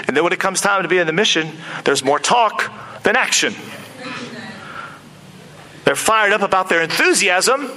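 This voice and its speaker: Bright, high-voiced male preacher. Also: moderate pace, pauses often, low-quality recording. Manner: animated, acts out quotes and movie scenes. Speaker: pastor. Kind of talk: sermon.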